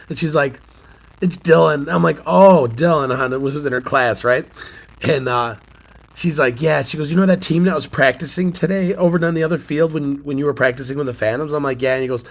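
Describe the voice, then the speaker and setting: A man in his forties talks loosely and warmly, like he's catching up with regular viewers. His voice sits a little higher than most men's. He keeps breaking into laughter and has a lingering cough. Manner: chatty storyteller, laughs often. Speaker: channel host, sports-card collector and youth coach. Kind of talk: casual morning chat.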